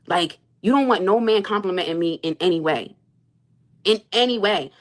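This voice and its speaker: A young woman with a fairly low voice, speaking at normal speed, vents on a live stream about her marriage while reacting to super chats. It's a heated rant, exasperated and emphatic, with her points repeated.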